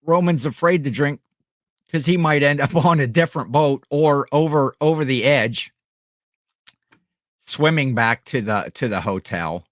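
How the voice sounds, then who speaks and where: A man's voice: on the high side, unhurried, dry recording, clean studio sound. A man hosting a casual live stream, rambling as he reads the chat aloud, with frequent fillers and restarts. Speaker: livestream host selling items.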